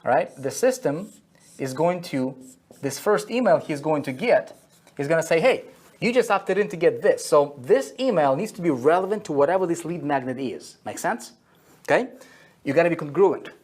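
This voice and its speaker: A man's voice: fairly high pitch, animated, normal speed, a little mellow. A man teaching an online marketing lesson at a whiteboard, repeating key phrases and checking in with "okay?" and "right?" after each point.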